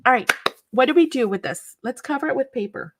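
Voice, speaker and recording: A woman's voice: sits high, lively intonation, brisk, background noise. A woman hosting a casual craft livestream, chatting and laughing often and greeting viewers by name.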